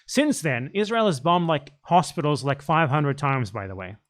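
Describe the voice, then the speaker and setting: A man doing casual live commentary, reacting to a video with a blunt, profane, excitable rant. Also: a little high, moderate pace.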